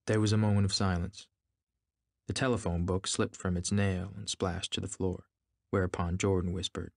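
Male reader, lowish voice, measured novel reading, dry mic. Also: level tone, darkish tone, no room sound.

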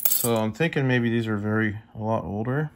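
A man's voice: lowish voice, moderate pace, a little hiss or hum. A young man in casual chat with his viewers, easily amazed and talking to them directly as he sorts through coins. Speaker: coin collecting vlogger.

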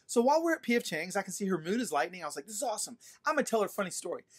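Man, pastor, playful sermon storytelling, talks to the audience, lively rises and falls. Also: sits high. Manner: animated, playful, addresses audience directly. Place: livestream during quarantine.

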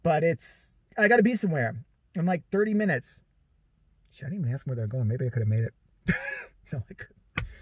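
A man's voice: on the high side, lively intonation, a little fast, pauses often, slightly rough, no echo. A young man telling a crude story in a casual, rambling vlog from inside a parked car. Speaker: vlogger.

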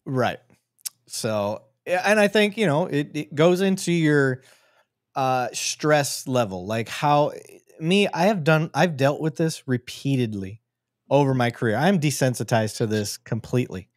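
A man, a veteran police officer and podcast host, calmly explaining police tactics while watching footage live and laughing along with his co-host. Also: mid-range voice, measured pace, no room sound, studio quality. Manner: easygoing, agreeable, explains tactics, laughs often. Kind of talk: casual live commentary on body camera footage.

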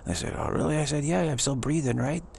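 A man's voice: a little high, quick pace, darkish tone. A middle-aged man giving a rambling, enthusiastic pep talk, repeating himself and chuckling often. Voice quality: gravelly. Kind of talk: rambling motivational monologue.

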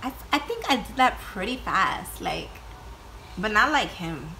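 A woman vlogging casually from home, loud and playful, swearing freely. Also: medium pitch, very animated, measured pace, a little hiss or hum. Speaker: YouTube vlogger, mother of two. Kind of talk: casual vlog chat. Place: home with kids nearby.

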